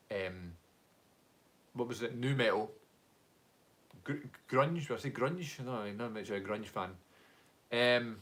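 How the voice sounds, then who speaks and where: A young man with a Glaswegian Scottish accent, chatting casually on a live stream and reading out viewer comments in a rambling way, full of fillers. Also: mid-range voice. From Scotland, Glasgow. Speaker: music reaction streamer.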